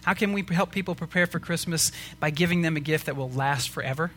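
Male pastor, earnest emphatic sermon delivery, bright tense tone, faint hum behind. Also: fairly high pitch, brisk. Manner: earnest, rising to emphatic preaching with rhetorical questions.

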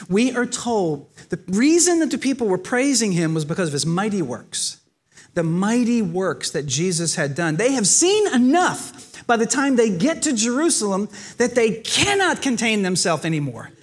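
A man's voice: high voice, normal speed. A pastor preaching a sermon, telling the stories vividly and speaking directly to his congregation. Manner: animated, expressive storytelling with acted quotes.

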